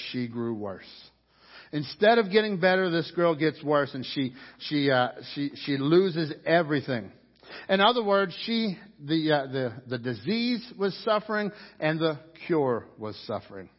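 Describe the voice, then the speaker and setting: A man preaching a sermon as pastor, earnest and urging, often restarting his phrases. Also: fairly high pitch. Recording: dull sound with long hall reverb.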